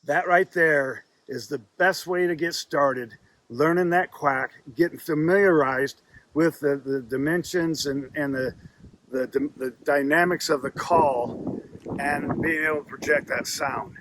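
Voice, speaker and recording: A man's voice: fairly high pitch, unhurried, fairly bright tone, rough recording. Plainspoken man teaching duck calling. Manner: plainspoken, repeats himself, demonstrates calls between explanations. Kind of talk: instructional demonstration.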